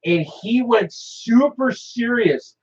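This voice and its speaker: A man's voice: very high voice, animated, slow. A man hosting a live stream, chatting casually in a rambling, joking way with frequent laughter. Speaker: host. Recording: dull lo-fi stream audio.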